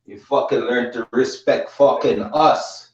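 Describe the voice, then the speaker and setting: A man's voice: medium pitch, measured pace, darkish tone. A man on a livestream panel, talking in an indignant, profane and emphatic way. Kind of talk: heated livestream chat. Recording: distant, roomy, muffled mic.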